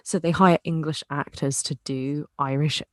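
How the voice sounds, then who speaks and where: A woman's voice: low-pitched, steady tone, moderate pace, no room sound, studio quality. A young woman co-hosting a casual podcast chat, frank and opinionated, swearing casually. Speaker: podcast co-host.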